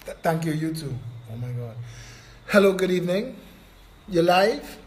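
A man's voice: high voice, very animated, normal speed, poor audio. Man hosting a call-in show. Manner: upbeat, reassuring, talks over callers. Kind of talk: political call-in talk.

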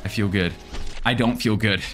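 A man's voice: lowish voice, moderate pace, fairly bright tone, faint music behind. A young man giving casual let's-play commentary on a horror game, nervous and jittery, talking to the monsters and his viewers. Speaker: gaming video creator.

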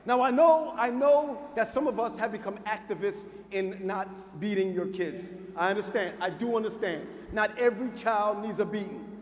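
High-voiced preacher man in a reverberant hall. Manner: emphatic, preaching with shouted peaks and slowed lines; informal, addresses crowd as y'all. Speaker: pastor. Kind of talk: sermon. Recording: reverberant hall, faint noise.

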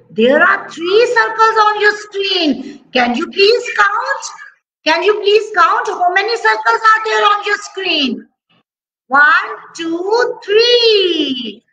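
A woman's voice: very high-pitched, bright, forceful tone, roomy sound, dull audio. A woman teaching an online preschool class, singing and coaxing the children with repeated questions. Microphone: video call.

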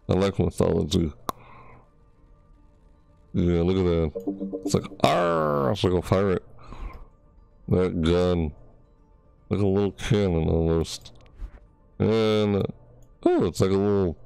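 Male gaming host, dark and dry-sounding, slow and excitable, gushes over new unlocks. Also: sits low, creaky, clean tone, no room sound. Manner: excitable, gushing, yelps and gasps at new items; stumbles over names. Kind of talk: casual game showcase commentary.

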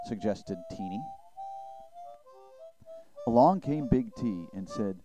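A man narrating a children's story with a gentle storybook telling. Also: lowish voice, expressive, moderate pace, low-quality recording. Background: music.

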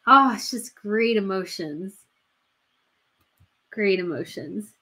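Bright-voiced gushing woman livestream host. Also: mid-range voice, lively intonation, slow pace, slightly rough. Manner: gushing, chatty, many fillers and restarts. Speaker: royal news livestream host. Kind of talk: casual livestream commentary.

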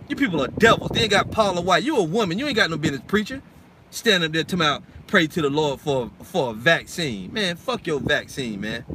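A man's voice: high-pitched, pushed and bright, slight background noise. A man preaching an informal sermon and reading scripture, blunt and heated, swearing often and ending lines with "man.". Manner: heated, blunt and profane, keeps adding "man".

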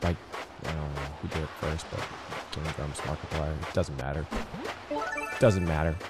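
A man's voice: very deep voice, fairly even intonation, moderate pace, over loud music. A man playing a game on stream, tired and chatting in a laid-back, rambling way. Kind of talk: casual chat.

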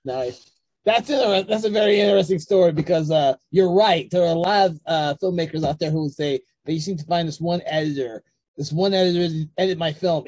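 A male host talking casually on a video call interview, musing in a relaxed way with short reactions. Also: a little high, no room sound.

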